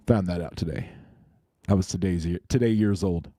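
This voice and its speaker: A man's voice: on the low side, moderate pace, dark tone, no echo, clean studio sound. A man hosting a casual live stream, laughing often as he greets and answers his chat. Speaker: crypto live-stream host.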